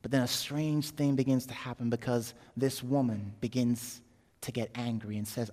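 A man preaching a sermon, telling a story that swings from loud, joking asides to hushed intensity. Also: mid-range voice, steady tone, normal speed. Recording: long hall reverb.

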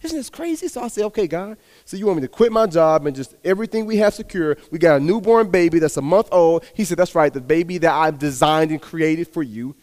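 A man preaching a sermon, telling a personal story and acting out the dialogue with lively, animated delivery. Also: on the high side, brisk, hardly any pauses, long reverb tail.

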